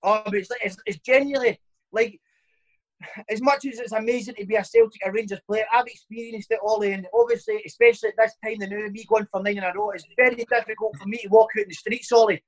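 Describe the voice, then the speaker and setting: A man's voice: sits high, steady tone, quick pace, rough recording. Cheeky Glaswegian man telling stories. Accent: Glaswegian Scottish. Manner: cheeky, teasing storyteller, sweary. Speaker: podcast host, ex-footballer. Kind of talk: casual chat.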